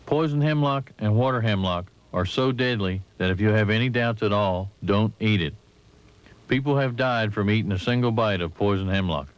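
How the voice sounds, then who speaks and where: Man, low smooth voice, scripted training-film narration, measured and instructive, dull lo-fi 1980s recording.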